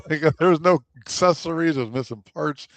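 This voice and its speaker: Halting, laughing talk radio co-host. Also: male voice, a little high, dry recording. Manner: laughs often, halting with fillers. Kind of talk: casual chat.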